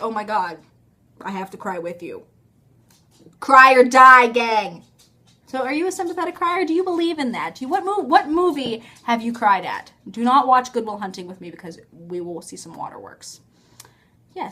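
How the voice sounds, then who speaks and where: A young woman with a high voice talks into her phone camera at home. Her story rambles and is chatty and casual. She breaks off mid-sentence and laughs often. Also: big pitch swings, brisk, fairly bright tone. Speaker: vlogger.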